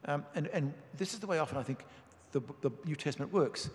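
A man preaching a sermon, reading and explaining scripture in a measured, emphatic way. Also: a little high, darkish tone, a little hiss or hum. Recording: long reverb of a large hall.

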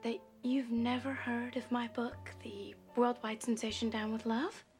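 A woman's voice: a little high, level tone, unhurried, darkish tone, soft background music, close to an everyday voice. An actress playing a proud bestselling woman author who talks with prim, indignant politeness. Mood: prim surprise. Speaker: film character. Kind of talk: romantic comedy film acting.

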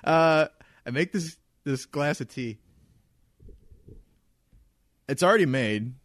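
Ranting, profane podcast co-host, dry sound. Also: male voice, on the high side, normal speed, no room sound. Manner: animated, swearing, ranting about customers. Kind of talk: casual profane storytelling.

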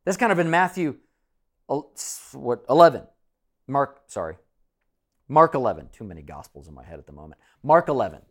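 A man's voice: mid-range voice, big pitch swings, moderate pace. Conversational man preaching a sermon. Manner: conversational, self-deprecating, acts out quoted voices. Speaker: pastor.

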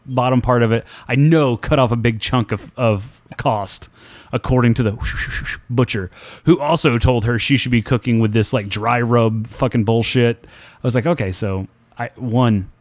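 A man's voice: mid-range voice, moderate pace. Man telling a profane, exasperated story. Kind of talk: casual storytelling chat.

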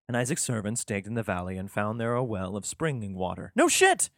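A man's voice: fairly low pitch, a little fast, dry recording, clean studio sound. Sarcastic, profane man reading aloud. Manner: sarcastic, profane, exasperated asides. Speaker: host reading scripture with commentary. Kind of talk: irreverent comic commentary.

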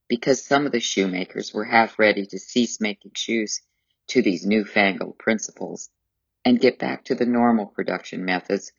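Measured male memoir narrator. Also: on the low side, gravelly, no room sound, muffled recording. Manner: measured, formal storytelling. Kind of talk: audiobook memoir reading.

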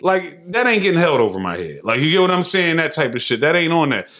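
Loud brash guy on a podcast, kinda high voice, cursing and ribbing his friends. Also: sing-song, quick pace. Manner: brash, profane, mocking, acts out quotes in high voices. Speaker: podcast co-host. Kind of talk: casual podcast banter.

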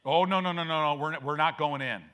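A man's voice: on the high side, fast talker, bright, forceful tone. A man voicing a panicky, stubborn crowd of wandering Israelites who suddenly backpedal and plead. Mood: refusing.

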